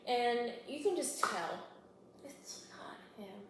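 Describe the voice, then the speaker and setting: A woman with a somewhat high voice recaps a book in a chatty, slangy, animated way, like a vlogger talking to her viewers. The room around her rings with strong echo, and a clear layer of background noise sits under her voice. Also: slow. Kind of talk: casual book recap while baking. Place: home kitchen.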